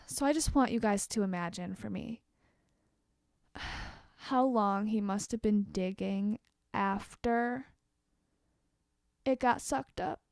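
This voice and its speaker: A young woman vlogger telling a storytime rant to the camera, candid and expressive, swearing freely and tossing quick asides to her viewers. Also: medium pitch, vocal fry, no echo, clean studio sound.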